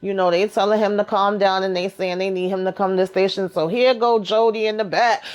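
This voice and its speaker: A woman's voice: medium pitch, fairly even intonation, fast talker, a little mellow, clean tone, lo-fi sound. A woman giving a casual, colloquial recap of a TV episode, chatty and telling it like a story. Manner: chatty, colloquial storytelling, acting out characters' lines. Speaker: TV recap vlogger.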